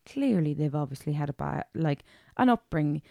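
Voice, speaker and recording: Podcast co-host, young woman, sweary animated storyteller, lowish voice, dry sound. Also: moderate pace, creaky, no room sound. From Ireland. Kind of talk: casual chat.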